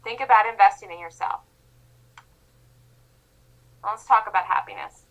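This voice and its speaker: A woman's voice: medium pitch, normal speed, a bit bright, rough recording. A woman trading instructor giving a motivational lecture in an emphatic, insistent manner.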